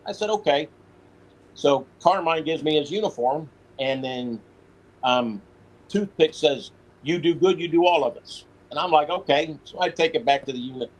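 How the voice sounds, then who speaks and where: A man's voice: on the high side, moderate pace, low-quality recording. A man, a former prisoner, telling stories in a casual interview, quoting others as he goes. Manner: animated storyteller, quotes others in voice.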